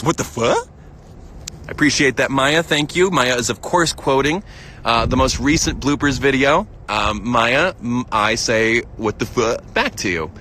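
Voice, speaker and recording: Medium in pitch and sharp in tone, this young American streamer reads viewers' chat outdoors in a field, giggling and peppering his talk with fillers and restarts. A little hiss or hum runs under the audio.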